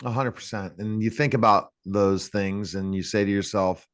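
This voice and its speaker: A man's voice: lowish voice, steady tone, moderate pace, a bit bright, no echo. A man hosting his own interview show, asking chatty, rambling questions in a casual way. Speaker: show host.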